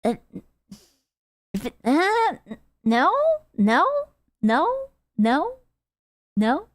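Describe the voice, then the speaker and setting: A woman's voice: high-pitched, big pitch swings, extremely slow. A young woman streamer chatting casually with viewers, playful and giggly, swearing and reacting dramatically.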